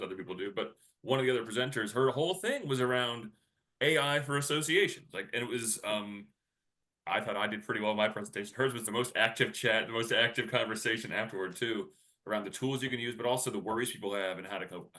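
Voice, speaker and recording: A man's voice: on the low side, fast, pushed and bright. A man co-presenting a webinar, talking casually and rambling with lots of fillers and restarts.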